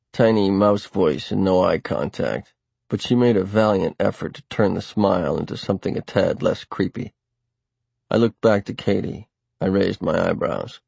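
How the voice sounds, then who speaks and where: A man reading a first-person novel aloud in a wry, dry, deliberate way. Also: low voice, vocal fry, darkish tone, breathy edge, no room sound. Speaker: audiobook narrator. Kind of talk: first-person audiobook narration.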